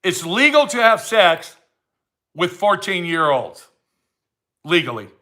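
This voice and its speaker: A man with a high, bright voice holds forth in a slow, drawn-out rant. His talk is blunt and heated, and he circles back to the same points again and again. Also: big pitch swings. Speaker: vlogger. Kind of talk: ranting monologue to camera.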